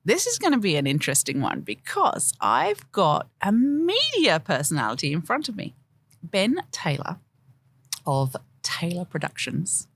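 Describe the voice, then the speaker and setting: A woman's voice: lowish voice, huge pitch swings, unhurried, a bit bright, husky. A woman hosting a podcast, upbeat and enthusiastic, introducing the show and her guest. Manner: upbeat, enthusiastic, laughs easily. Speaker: podcast host.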